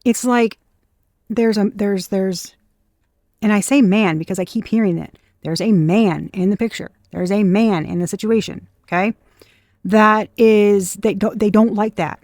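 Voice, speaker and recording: Woman, tarot reader, casual, blunt, swears a lot, mid pitch, dry sound. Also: unhurried, a little mellow, no room sound. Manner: blunt, swears freely, scornful asides. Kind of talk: casual tarot reading to camera.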